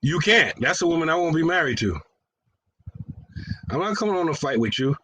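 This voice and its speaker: A man co-hosting a casual religious discussion, with a husky voice that is a touch higher than most men's. His pitch swoops around as he talks. He teases his co-host, laughs often and slips into put-on voices when quoting people. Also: a little fast, no echo, poor audio. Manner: animated, teasing, laughs often.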